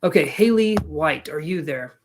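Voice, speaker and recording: A man's voice: fairly high pitch, animated, unhurried, creaky, slight background noise. A man giving live tarot readings, chatting casually, calling out viewers' names and joking between cards. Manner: chatty, reads viewers' names aloud and jokes. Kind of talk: casual live-stream chat.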